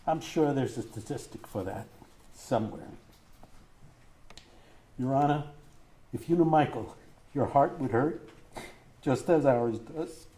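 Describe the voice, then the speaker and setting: A middle-aged man, a grieving father, reading a prepared statement in court; his voice is tearful and halting, breaking as he chokes up. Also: mid-range voice, warm tone, a little hiss or hum. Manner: grief-stricken, halting, voice breaking.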